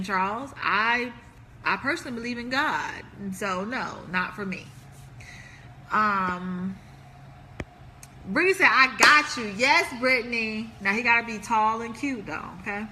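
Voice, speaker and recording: Woman, casual live-stream chat, bright tense voice, slightly high. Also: a little hiss or hum. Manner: chatty, laughing, talks straight to viewers. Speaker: host of a live relationship stream.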